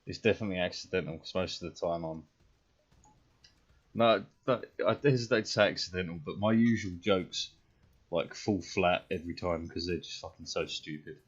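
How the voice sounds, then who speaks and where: A man's voice: low-pitched, lo-fi sound. A British man streaming a game, ranting bluntly and swearing in casual chat. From Britain.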